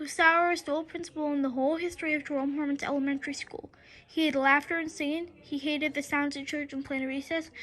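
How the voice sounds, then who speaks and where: Woman reading a children's book aloud, very high, bright tone, animated, with stumbles and restarts. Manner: lively storytelling with frequent stumbles and restarts.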